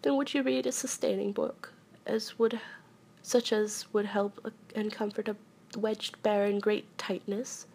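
A woman's voice: mid-range voice, little pitch movement, measured pace, a little mellow, slightly rough. A woman voicing a simple, honey-loving male teddy bear who talks plaintively, often in a whisper, in a storybook reading.

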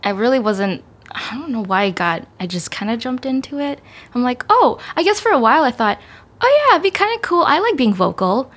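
A woman's voice: on the high side, sing-song, brisk, fairly bright tone. A woman co-hosting a podcast, chatting casually with a giggly, rambling manner. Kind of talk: casual chat.

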